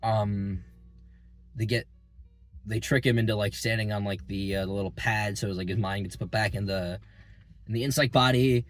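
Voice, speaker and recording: Recorded in a parking lot with faint music in the background, a young movie reviewer recaps a film in an excitable, meandering way, swearing casually and using lots of fillers. He speaks in a lowish voice at normal speed, pausing often.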